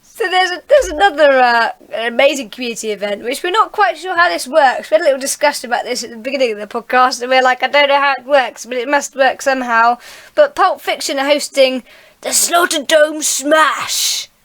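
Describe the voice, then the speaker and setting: A woman's voice: sits high, a little fast, fairly bright tone. A woman hosting a casual gaming podcast, chatty and often laughing as she reads out event details. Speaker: podcast host.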